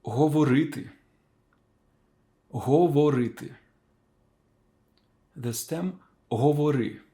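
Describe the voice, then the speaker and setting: Man, language teacher, slow delivery, repeats words for learners. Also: on the high side, dark tone. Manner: slow, careful, repeats each word for learners. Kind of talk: slow spoken language lesson.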